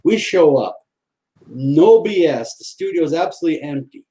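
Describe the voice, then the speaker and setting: A man's voice: fairly high pitch, expressive, moderate pace, mellow, echoey room, rough recording. A man telling a personal ghost story in a casual interview, acting out the quoted lines of the people in it. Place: home, on a live video stream. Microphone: video call.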